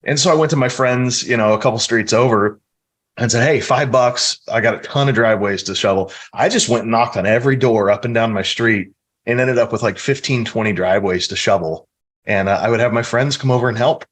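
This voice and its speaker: A man's voice: medium pitch, a little fast. A middle-aged man from the American Midwest, earnestly telling stories from his life as a guest in a casual podcast interview. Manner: earnest, storytelling, reflective.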